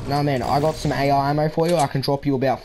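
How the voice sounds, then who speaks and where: A man's voice: medium pitch, fairly even intonation, quick pace, noisy background. A man chatting playfully in voice chat while gaming, putting on a broad Australian voice full of slang. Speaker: gamer trolling in voice chat.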